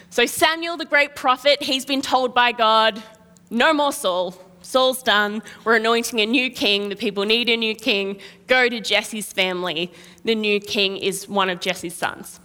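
Bright-voiced woman preaching in a reverberant hall. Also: a little high. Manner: lively storytelling with acted-out quotes and laughs. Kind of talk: sermon. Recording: long reverb of a large hall.

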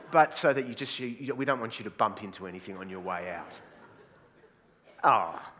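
A man's voice: mid-range voice, fairly bright tone, a little hiss or hum. A middle-aged Australian man preaching a sermon in a chatty, joking, self-deprecating way. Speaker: pastor. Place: church hall with audience. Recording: reverberant church hall.

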